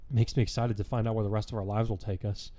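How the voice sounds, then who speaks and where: A man voicing a cheerful, affectionate teenage girl with a soft, giggly manner in a fan story reading. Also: medium pitch, rapid-fire, lightly acted. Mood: tender.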